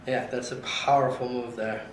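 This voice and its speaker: A chiropractor talking patients through adjustments with calm, soothing instructions. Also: male voice, medium pitch, moderate pace. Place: treatment room, indoors. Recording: roomy room with background hiss.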